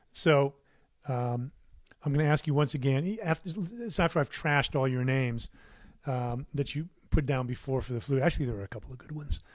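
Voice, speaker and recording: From his recording studio, a middle-aged man from the United States hosts a casual livestream, rambling between answers with warm asides, plenty of fillers and frequent restarts. His voice is mid-range at a normal speed, with no echo.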